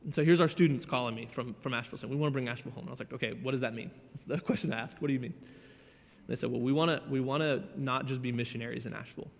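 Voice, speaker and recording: Emotional preacher in a reverberant church. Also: male voice, medium pitch, rapid-fire, gravelly. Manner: emotional, earnest, swings between loud and hushed. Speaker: youth pastor. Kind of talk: sermon. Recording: church hall with long reverb.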